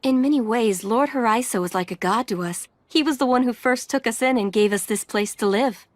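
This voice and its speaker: Actress as a devout villager, high and reverent, dry close sound. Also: female voice, brisk, dry recording, close to an everyday voice. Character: devout adult female villager. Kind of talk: anime English dub.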